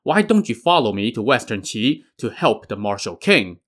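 A man's voice: medium pitch, sing-song, normal speed, fairly bright tone. A man voicing an earnest, dutiful young prince who is easily swayed.

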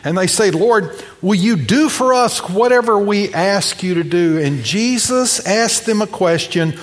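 A high-pitched male preacher delivers a storytelling sermon, swinging from hushed asides to bold outbursts as he acts out the people in the story. His voice trails off into the long reverb of a church sanctuary. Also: lively intonation, unhurried. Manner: storytelling preacher acting out voices, shifting loud and soft. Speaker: pastor.

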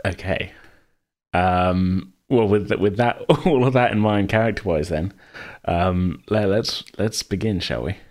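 A man's voice: low-pitched, unhurried, a little mellow. A man running a tabletop game, introducing the players in a hesitant, joking way. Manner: hesitant, lots of fillers and restarts. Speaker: game master. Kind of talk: casual tabletop game chat.

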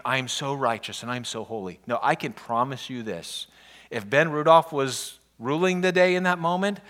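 Bright-voiced preaching man, conversational. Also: a little high. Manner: conversational preaching with animated, exasperated retellings. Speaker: pastor. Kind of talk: sermon.

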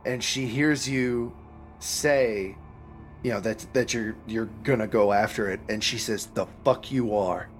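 A man's voice: mid-range voice, fairly even intonation, measured pace, slight background noise. A man narrating a tabletop game as dungeon master, casual and profane.

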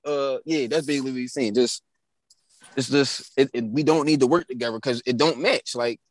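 A man's voice: mid-range voice, a little fast, dry recording. A young man in casual conversation, telling stories in street slang and acting out what people said. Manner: slangy storytelling with acted quotes. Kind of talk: casual chat.

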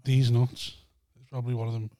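A man's voice: mid-range voice, a little fast, slight background noise. Blunt, sweary man. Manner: blunt, sweary, deadpan banter. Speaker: podcast host. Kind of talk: casual chat.

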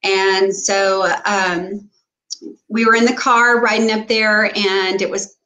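A woman chatting casually as a co-host. Her voice sits at an ordinary middle pitch, and she tells her stories at an easy pace, full of ums, restarts and asides. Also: steady tone, slow, pushed and bright, a little hiss or hum, low-quality recording. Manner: storytelling with many fillers and restarts. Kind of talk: casual chat.

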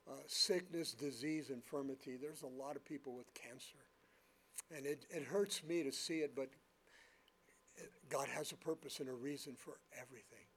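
A man preaching as a pastor, telling personal stories with loud and hushed swings, then praying earnestly. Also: normal speed. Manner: animated storyteller, loudness swinging from booming to hushed; earnest, fervent in prayer. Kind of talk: sermon with personal storytelling and closing prayer.

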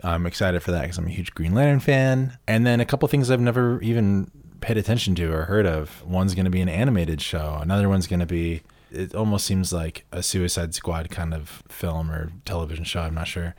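A man's voice: low voice, a little fast, a little mellow, no room sound. A man co-hosting a podcast, talking in a loose, eager, rambling way full of fillers and restarts. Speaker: podcast co-host. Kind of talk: casual podcast chat.

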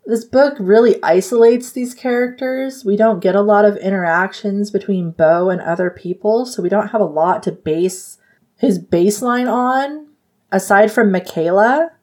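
A woman's voice: medium pitch, moderate pace, a little mellow. A woman hosting a book podcast, retelling the story in a casual chat and acting out quotes with frequent laughs.

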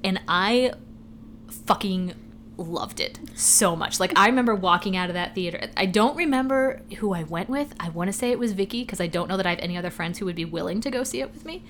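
A woman's voice: medium pitch, lively intonation, fairly quick, a little hiss or hum. A woman co-hosting a podcast in casual chat, rambling and swearing freely, laughing as she goes. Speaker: podcast co-host.

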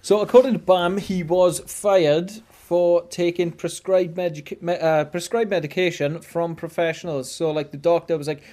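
Bloke telling a story in a casual chat, lots of uhs and restarts, kinda high but mellow. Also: male voice, steady tone, normal speed, hardly any pauses, slight background noise. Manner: rambling, many fillers and restarts. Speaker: podcast host. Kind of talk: casual chat, recounting news.

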